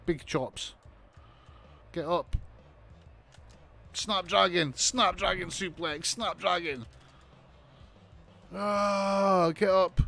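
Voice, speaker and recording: A man commentating on a wrestling video game as he plays, excitable, swearing and shouting in disbelief. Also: high-pitched, drawn-out words, gravelly, pauses often. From United Kingdom. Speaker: gaming commentator.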